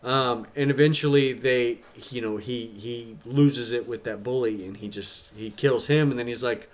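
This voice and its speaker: A man in his thirties hosting a livestream, picking apart a film's psychology in a casual, halting way, restarting his sentences often. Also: mid-range voice. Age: 30s. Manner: analytical, halting with many restarts. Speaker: stream host.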